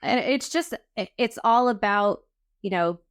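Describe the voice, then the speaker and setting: A woman's voice: medium pitch, a little slow. Emphatic woman podcast host. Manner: emphatic, repeats points for stress. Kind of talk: conversational interview.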